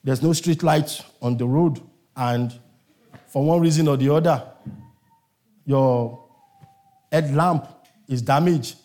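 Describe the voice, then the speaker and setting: A man's voice: mid-range voice, takes it slowly, pauses often, mellow. A man preaching a sermon to a congregation, emphatic and repetitive, calling on his listeners to answer.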